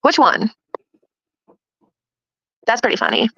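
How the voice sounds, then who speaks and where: A woman's voice: a little high, expressive, takes it slowly, gravelly, fairly bright tone, slightly rough, dry recording, lo-fi sound. A woman hosting a casual livestream chat, taunting and mocking her critics and laughing often. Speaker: livestream host.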